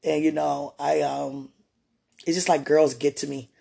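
A woman who used to be a childcare teacher, chatting casually in an interview and telling lively stories with frequent laughter. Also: deep voice, measured pace, vocal fry, husky. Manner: chatty, laughs often, animated retelling.

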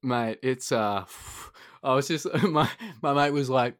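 A young Australian man hosting a podcast, telling an animated story with plenty of swearing and laughter. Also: medium pitch, a little slow, no echo, studio quality. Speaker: podcast host. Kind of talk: casual chat.

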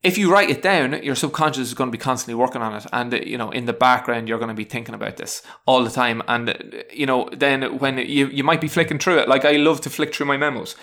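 A man of ordinary middle pitch talks through his everyday habits in a loose, chatty monologue. He stumbles, repeats himself and circles back often, and stays frank and self-deprecating throughout. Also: fast, hardly any pauses, fairly bright tone. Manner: rambling, many restarts and fillers. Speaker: teacher sharing self-help tips. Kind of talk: casual spoken advice monologue.

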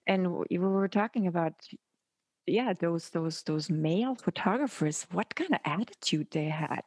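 Female podcast host, lower pitch, dry sound, thoughtful talker. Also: normal speed, a little mellow, no room sound. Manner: thoughtful, laughs often, many fillers. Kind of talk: casual reflective chat.

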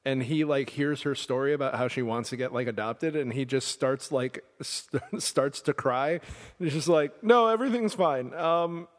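A man's voice: mid-range voice, steady tone, moderate pace, big-room sound. A man in casual podcast chat, laughing often as he recaps episodes. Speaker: podcast co-host.

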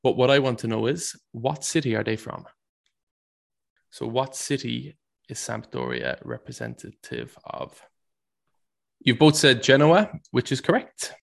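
Male quiz host, gravelly, reads questions and banters. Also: medium pitch, fairly bright tone. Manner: reads trivia questions, jokey. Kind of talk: casual podcast quiz chat.

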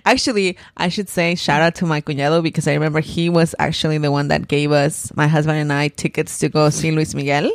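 A woman chatting casually on a podcast with giggly, animated reactions to her sister's story. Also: low voice, a little fast, hardly any pauses, no room sound, studio quality. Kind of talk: casual chat.

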